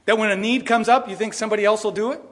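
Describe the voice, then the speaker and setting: A man's voice: sits high, steady tone, very fast, a bit bright, big-room sound. A middle-aged male pastor preaching a sermon, firing rhetorical questions and briefly mimicking other voices.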